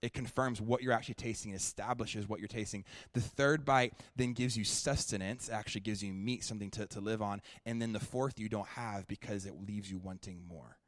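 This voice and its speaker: A young man preaching a sermon at a church, shifting from animated, joking storytelling to quiet, prayerful ministry. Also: on the low side, brisk, few pauses, no room sound. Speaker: guest preacher.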